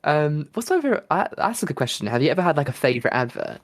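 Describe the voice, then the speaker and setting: This podcast co-host is a man with a high-leaning, sing-song voice who talks very fast. His casual chat is loose and jokey, rambling along with lots of ums and restarts.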